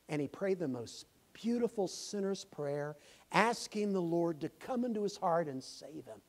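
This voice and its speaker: A man preaching a sermon, telling a story with lively swings from loud exclamations to hushed asides. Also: high-pitched, brisk. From Tennessee, USA. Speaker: pastor. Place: church sanctuary.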